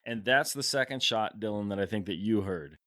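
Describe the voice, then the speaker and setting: A man hosting a podcast, telling a hunting story in a casual, animated way and acting out what people shouted. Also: lowish voice, brisk. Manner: animated, acts out shouted quotes. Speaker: podcast host.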